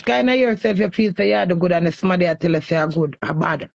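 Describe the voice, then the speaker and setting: A woman's voice: lowish voice, rapid-fire, creaky, no room sound, dull audio. A woman with a Jamaican accent ranting heatedly and scolding someone in a repetitive live stream.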